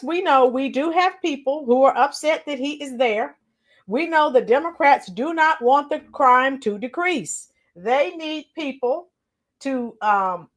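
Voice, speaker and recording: A woman hosting a casual political livestream, greeting viewers by name with frequent fillers and throat clearing. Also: sits high, fairly bright tone. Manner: clears her throat often. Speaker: political commentary channel host.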